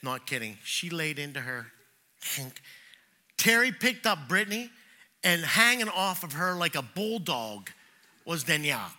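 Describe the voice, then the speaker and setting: A middle-aged man delivers a sermon in a bright, somewhat high voice. He tells stories from his own life and acts out the voices he quotes, dropping to a hush and then rising loud again. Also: measured pace. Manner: animated storytelling, acts out quoted voices, swings between loud and hushed. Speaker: pastor.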